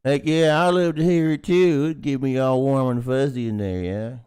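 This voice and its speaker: A man voicing a rowdy, crude Southern redneck with a loud drawling Southern accent, playful and teasing. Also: mid-range voice, fairly even intonation, normal speed, smooth, natural voice.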